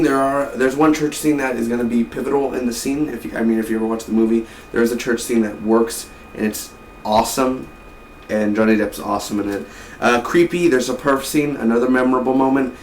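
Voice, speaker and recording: Rambling and eager, this male film reviewer chats casually about a movie at a fairly quick clip, often repeating himself. His pitch sits in an ordinary middle range. The mic is a bit far from him in a spacious room, and a faint hum runs beneath his voice.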